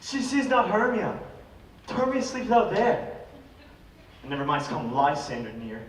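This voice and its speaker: An ardent young lover, acted by a man, declaims his lines in a somewhat high voice. He is heard from far across an echoing school auditorium. Faint room noise runs underneath. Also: unhurried. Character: ardent young male lover, smooth-talking. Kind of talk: live stage play. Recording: echoey hall from far off.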